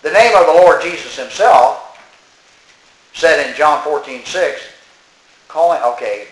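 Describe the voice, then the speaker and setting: Emphatic preacher reading and scolding, echoey room. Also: male voice, medium pitch, normal speed. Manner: emphatic, scolding, talks back to the text. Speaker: preacher commenting on a religious tract. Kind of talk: reading aloud with running commentary.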